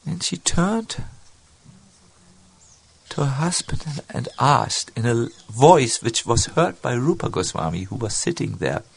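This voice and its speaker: A man telling a devotional story in a sermon, halting, with many fillers and restarts. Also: mid-range voice, big pitch swings, vocal fry, slightly rough. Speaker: spiritual speaker.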